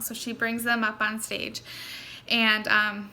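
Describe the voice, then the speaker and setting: A woman's voice: on the high side, little pitch movement, a little slow, pushed and bright. A young woman giving an earnest, encouraging motivational talk to her sales team, speaking straight to her listeners. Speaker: network marketing team leader.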